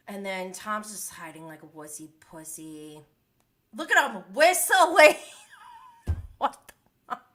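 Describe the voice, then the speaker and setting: Bright sharp-voiced woman in her 30s doing a fired-up live stream recap, exasperated, mimicking people. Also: medium pitch, slow pace, long pauses. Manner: animated, exasperated, mimics the cast. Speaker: reality TV commentator.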